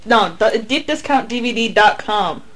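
A woman's voice: on the high side, lively intonation, moderate pace, fairly bright tone, rough recording. A woman in casual group chat on a podcast, blunt and dryly unimpressed. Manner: blunt, dry, easily unimpressed. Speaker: podcast co-host.

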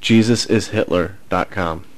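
A man in casual podcast chat, cracking crude deadpan jokes. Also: sits low, a little slow. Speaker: podcast co-host.

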